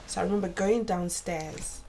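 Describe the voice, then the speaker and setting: A woman's voice: lowish voice, moderate pace, dark tone, slight background noise. A woman in her forties telling a personal story as a guest in a sofa chat. She talks earnestly and openly, and she acts out other people's remarks. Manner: earnest and open about painful memories. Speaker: podcast guest.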